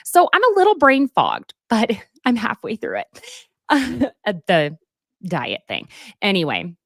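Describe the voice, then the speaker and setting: A woman hosting a casual chat, recapping a reality show in a chatty, gossipy way with quick asides. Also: a little high, huge pitch swings, vocal fry, a bit bright, no room sound, studio quality. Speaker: podcast host.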